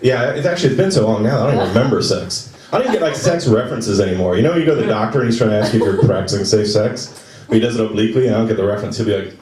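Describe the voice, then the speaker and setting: A man performing a stand-up comedy set on a club stage, talking to the audience and jumping into high voices for the people he quotes. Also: lively intonation, rapid-fire, darkish tone, slight background noise. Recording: roomy live club sound from a distance. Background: audience laughing.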